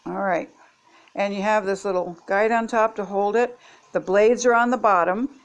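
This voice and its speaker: A woman's voice: mid-range voice, steady tone, moderate pace, lo-fi sound. An older woman chatting homily to viewers as she tests kitchen gadgets at home. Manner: chatty, homey, talks to viewers while demonstrating. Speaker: product-testing vlogger. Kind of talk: casual kitchen product demo.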